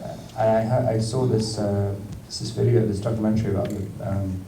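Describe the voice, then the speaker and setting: Man, British accent, low mellow voice, halting with fillers, roomy distant hall sound. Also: flat delivery, slight background noise. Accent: British English. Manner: halting, rambling, lots of fillers and restarts, laughs often. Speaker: actor, festival guest. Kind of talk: on-stage Q&A conversation. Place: festival stage in a large room.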